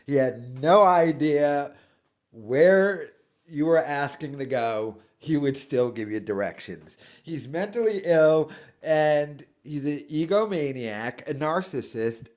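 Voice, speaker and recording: Male reaction host, scornful ranter, slow measured delivery. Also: on the high side. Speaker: reaction commentator. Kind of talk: ranting reaction commentary.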